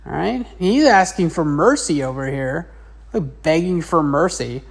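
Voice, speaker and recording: A woman's voice: sits low, animated, measured pace, gravelly. A woman teacher narrating a casual drawing lesson in a chatty, rambling way. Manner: chatty, rambling, with many fillers.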